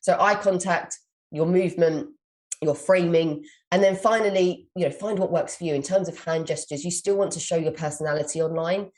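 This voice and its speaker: A British woman with a low-pitched voice hosts a live advice session as a communication coach. She reads listeners' questions aloud and answers each with long, encouraging explanations. She sounds like a young adult, talking on a webcam-style stream. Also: fairly even intonation, moderate pace, a little mellow.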